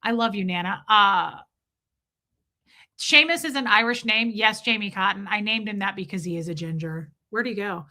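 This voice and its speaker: A woman's voice: medium pitch, lively intonation, moderate pace, bright, forceful tone. A woman hosting a livestream, chatting casually and effusively thanking her viewers. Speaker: livestream host.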